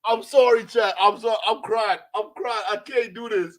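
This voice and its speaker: A man's voice: sits high, fairly even intonation, normal speed, a bit bright. A man hosting a live reaction stream, laughing uncontrollably and stammering as he talks to his chat. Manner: laughing uncontrollably, breaking into shrieks; stammering, repeating himself. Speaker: livestream reaction host.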